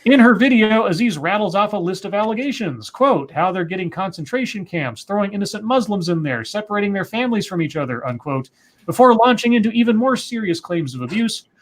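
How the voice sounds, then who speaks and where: A man's voice: sits high, lively intonation, a little fast. A man co-hosting a livestream, reading news articles aloud and breaking in with asides and self-corrections. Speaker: co-host.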